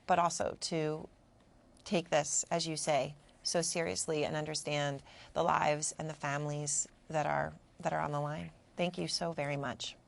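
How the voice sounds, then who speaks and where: A woman news anchor interviewing a guest, asking gentle, measured, sympathetic questions. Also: low-pitched, vocal fry.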